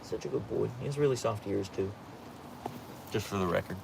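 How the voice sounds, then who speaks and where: A man's voice: lowish voice, fairly quick, gravelly, noisy background. A man hosting a casual livestream from home, reading out the chat and rambling playfully, slipping into voices when he retells stories.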